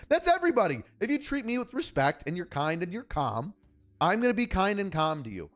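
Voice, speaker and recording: A man's voice: sits high, sing-song, moderate pace, faint music behind. Blunt, profane man. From Buffalo, New York. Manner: blunt, profane, storytelling with acted dialogue. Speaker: retired police officer commentating news. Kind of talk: casual livestream commentary.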